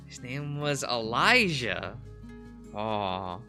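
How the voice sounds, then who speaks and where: A man chatting casually on a stream while drawing, giggling often and rambling as he searches for words. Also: medium pitch. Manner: giggly, laughs often between phrases.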